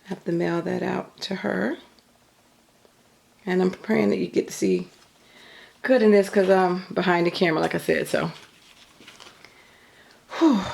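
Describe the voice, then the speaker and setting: Middle-aged lady rambling about her crafts at home, lowish gravelly voice, kinda out of breath. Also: darkish tone. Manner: chatty, rambling, filler-heavy. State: a bit out of breath. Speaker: craft YouTuber. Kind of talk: casual show-and-tell vlog. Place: at home craft table, behind the camera.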